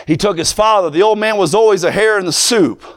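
A young man preaching a sermon, moving from plain talk to fervent, shouted preaching. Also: sits high, brisk.

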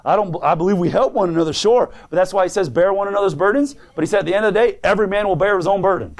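A man's voice: high voice, very fast. Fervent folksy male preacher. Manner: folksy plain-spoken storytelling; fervent, swings soft and loud. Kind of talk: sermon answering written questions.

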